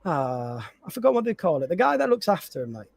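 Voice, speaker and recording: A high-pitched man chatting on a podcast, telling a story with lots of energy, laughing between lines and restarting his sentences. The sound is close and dry, with no room echo. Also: quick pace, gravelly. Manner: animated storyteller, laughs often, many restarts. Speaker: podcast co-host and content creator. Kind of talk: casual chat.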